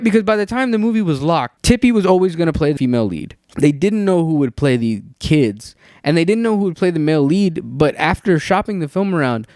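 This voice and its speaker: A young man giving ranting, sarcastic commentary, animated and full of swearing. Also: on the high side, no room sound, clean studio sound. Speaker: YouTuber.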